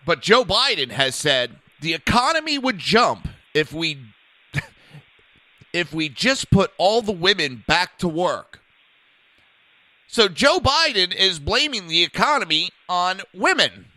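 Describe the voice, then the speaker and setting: Man, co-host, casual political chat, agreeable, fairly high voice, dry sound. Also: big pitch swings, slow pace, pushed and bright, no echo. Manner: chatty, agreeable, brings up news items.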